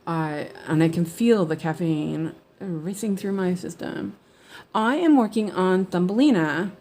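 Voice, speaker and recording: Woman rambling while she stitches at home, kinda low voice, takes her time, lots of ums. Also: measured pace, a little mellow, a little hiss or hum. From United States. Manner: rambling, many fillers and restarts. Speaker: cross-stitch vlogger. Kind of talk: casual chat while stitching.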